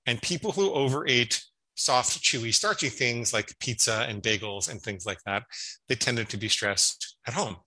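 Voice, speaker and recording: This fifty-something psychologist speaks at normal speed in a medium, sharp-toned voice over a low-quality recording. As an interview guest, he explains and tells stories conversationally, often backing up to restart his words.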